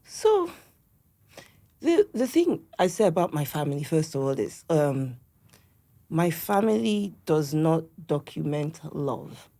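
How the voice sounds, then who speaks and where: A woman's voice: deep voice, big pitch swings, takes it slowly. A middle-aged woman, a podcast guest, telling family stories in casual conversation. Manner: warm storytelling, acts out family members' lines.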